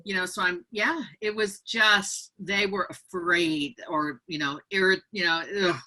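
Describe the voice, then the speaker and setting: A woman's voice: on the low side, unhurried. A woman author speaking as a guest over a video call, animatedly telling a story and reading from her book. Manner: animated, acts out other people's voices.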